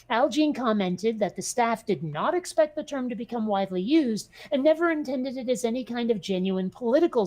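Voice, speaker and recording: A wry woman co-host chatting casually and reading aloud from a web page. She laughs easily and swears offhandedly, her voice sitting a little high for a woman. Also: mellow. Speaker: podcast co-host.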